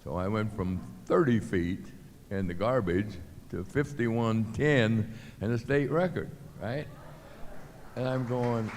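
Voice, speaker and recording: A man's voice: on the low side, takes it slowly, in a large hall, some chatter behind, a little hiss or hum. An older man telling stories as a guest, acting out the voices in his tales. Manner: animated storyteller acting out quotes. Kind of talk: storytelling. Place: club venue with live audience.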